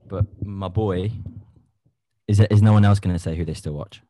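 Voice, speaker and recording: A man's voice: low-pitched, steady tone, moderate pace, mellow, no room sound. A man co-hosting a podcast, teasing his friends in casual banter. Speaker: podcast co-host. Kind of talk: casual chat.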